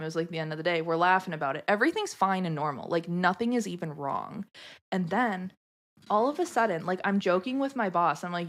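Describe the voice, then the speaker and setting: A woman from Florida, a podcast guest, telling a story in casual chat, animated and swearing freely. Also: medium pitch, fast talker. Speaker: podcast guest, tarot reader.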